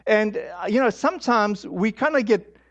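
A man preaching a storytelling sermon, halting and candid, with frequent fillers and restarts. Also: sits high, animated, highs cut off. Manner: candid, self-deprecating.

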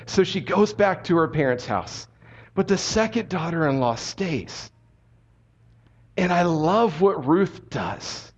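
A male pastor preaching a sermon in an animated, conversational storytelling manner. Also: sits high, measured pace, dull audio.

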